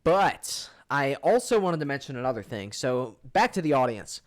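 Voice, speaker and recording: A man's voice: medium pitch, sing-song, moderate pace. A young man co-hosting a podcast in casual chat, blunt, rambling and full of swearing. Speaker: podcast co-host.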